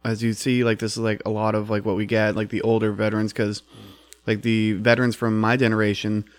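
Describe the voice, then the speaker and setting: A man's voice: lowish voice, monotone, fairly quick. A man in his twenties in casual conversation, easygoing and saying "like" constantly. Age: 20s. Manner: easygoing, heavy use of "like". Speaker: veteran guest.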